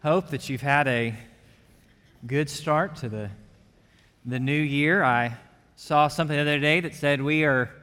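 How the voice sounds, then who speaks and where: A male pastor preaching in a church sanctuary, his high, bright voice carrying a long hall reverb. His delivery is impassioned and climbs when he voices a cry of lament. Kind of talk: sermon.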